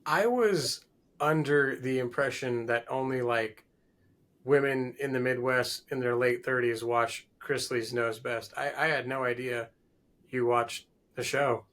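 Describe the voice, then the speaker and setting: A man's voice: medium pitch, measured pace, a bit bright. A man co-hosting a podcast, chatting casually, asking questions and making wry jokes. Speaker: podcast co-host. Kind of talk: casual chat.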